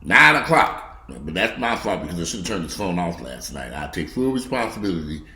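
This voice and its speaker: A man in a profane, angry rant. He curses bluntly and mocks people, swinging between low grumbling and loud outbursts. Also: animated, fast. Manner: blunt, heavy cursing, mocking. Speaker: video blogger. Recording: echoey room.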